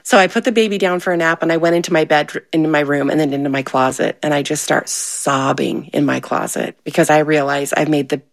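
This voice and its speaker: A woman in her forties telling a personal story in casual conversation, animated and laughing often. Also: deep voice, fairly quick, vocal fry, hardly any pauses. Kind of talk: casual chat.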